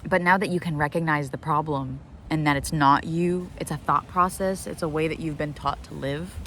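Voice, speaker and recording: A woman vlogging outdoors in the sun, rambling excitedly about her life, saying "like" constantly and swearing freely. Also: deep voice, moderate pace, noisy background. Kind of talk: casual self-talk vlog.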